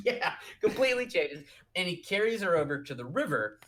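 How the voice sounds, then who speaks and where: A man's voice: sits high, sing-song, moderate pace, fairly bright tone. A man co-hosting a comedic book review podcast, sarcastic and profane, laughing often. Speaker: podcast co-host.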